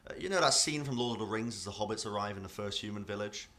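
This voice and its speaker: A man narrating as dungeon master for a tabletop game, rambling and relaxed, with many fillers. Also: fairly low pitch, quick pace.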